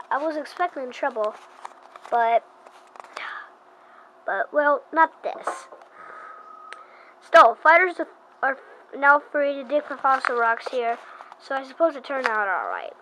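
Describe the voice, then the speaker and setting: A woman's voice: sits high, sing-song, slow pace, long pauses, a bit bright, a little hiss or hum, full character voice, rough recording. A woman reading the lines of a tired, matter-of-fact park official from a video game. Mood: weary.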